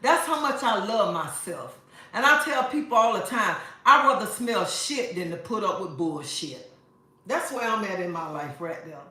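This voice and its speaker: A woman's voice: mid-range voice, lively intonation, normal speed, sharp tone. A woman giving frank, emphatic advice to her live-stream viewers, repeating lines for effect. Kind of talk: casual advice talk to viewers. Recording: very echoey room.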